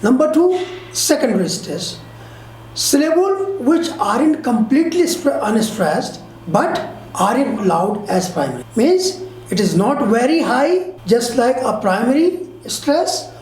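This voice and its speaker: A woman teaching pronunciation in a slow, repeating lesson, speaking. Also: mid-range voice, darkish tone, echoey room, a little hiss or hum, poor audio. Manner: explains slowly, repeating and quizzing the listener. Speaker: English teacher. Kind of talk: online grammar lesson.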